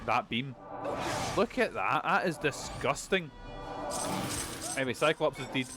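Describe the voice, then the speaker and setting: A man's voice: medium pitch, expressive, a little slow. A man streaming a video game, chatting casually and rambling with plenty of swearing. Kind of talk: casual gaming commentary. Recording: game music behind.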